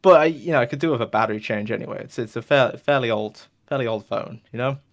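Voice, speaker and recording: A man's voice: mid-range voice, quick pace. A man hosting a podcast, telling a long rambling joke in a loose, casual way and filling it with whooshing sound effects. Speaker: podcast host. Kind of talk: rambling comedic storytelling.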